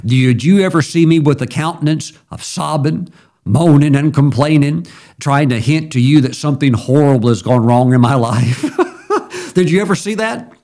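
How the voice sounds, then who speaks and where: A man's voice: fairly high pitch, normal speed, warm tone. A middle-aged male pastor preaching a sermon in a conversational, storytelling way, with sudden emphatic jumps.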